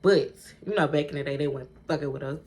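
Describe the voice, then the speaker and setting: Talking fast and directly to her viewers, a woman with a somewhat low voice shares a storytime on her vlog. She's lively and chatty, curses freely, and laughs a lot as she goes.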